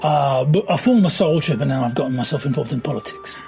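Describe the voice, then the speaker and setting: A man's voice: mid-range voice, animated, quick pace, creaky, a little mellow, faint music behind. A man playing a tabletop game in character, easygoing and chatty. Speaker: tabletop player. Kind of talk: casual in-character play.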